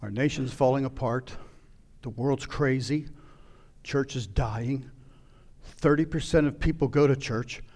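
A man preaching a sermon, retelling a scripture story and acting out its scenes with sudden loud outbursts. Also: mid-range voice, measured pace. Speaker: pastor.

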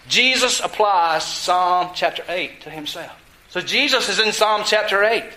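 A man preaching a sermon, teaching from scripture with emphasis and putting questions to his listeners, drawing some words out slowly for stress. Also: high voice, pushed and bright, slight background noise, rough recording. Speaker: pastor.

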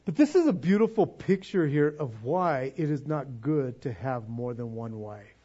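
A man's voice: medium pitch, animated, normal speed, dark tone, breathy edge, muffled recording. A man preaching a sermon in a conversational way, with acted-out asides.

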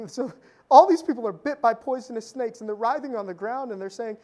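In a sermon, a pastor with a mid-range voice talks at normal speed, telling stories as if in conversation. Humorous asides pop up, and loud emphasis suddenly gives way to quiet intensity.

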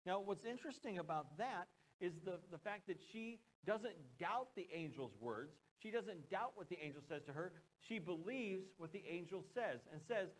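A man's voice: high-pitched, animated, normal speed, hardly any pauses, rough recording. A man with an American accent preaching a sermon as a pastor, conversational, with joking asides and questions to the congregation.

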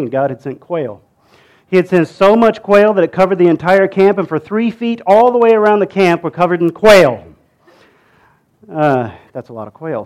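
A man tells a Bible story in a loose, conversational way, stumbling over restarts and fillers and stopping for asides to the listener. His voice sits a little higher than most men's. It sounds unscripted and talky. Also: darkish tone, muffled recording. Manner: chatty, with many fillers and restarts.

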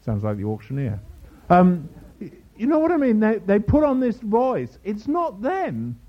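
Lively preacher man, dull lo-fi recording. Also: high-pitched, a little slow. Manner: lively, mimics other preachers for humor. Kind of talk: sermon.

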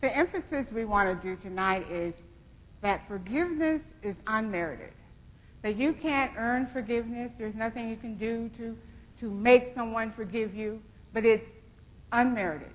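A woman co-leading a sermon, calmly explaining and answering with amens. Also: fairly high pitch, normal speed. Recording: dull sound with long hall reverb and faint noise.

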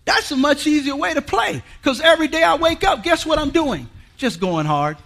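High-voiced, emphatic male preacher. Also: very animated, normal speed, gravelly. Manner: emphatic, repetitive, rising to shouts; folksy, colloquial. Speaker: guest preacher. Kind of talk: sermon.

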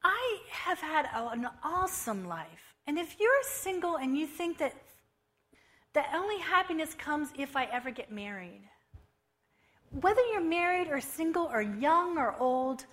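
A woman of about fifty tells her story as a missionary at a church service. Her voice sits high and sounds bright and forceful. She keeps the telling lively and acts out the conversations she describes. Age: around 50. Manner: lively storytelling, acting out dialogue. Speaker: missionary speaker. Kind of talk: church testimony.

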